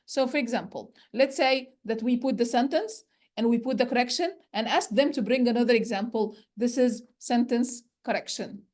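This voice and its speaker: Woman lecturer, kinda high voice, walks through each point one at a time, lots of "so". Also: normal speed, a little mellow. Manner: explains step by step, often starting with "so". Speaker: English teaching lecturer. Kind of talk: recorded teacher-training lecture.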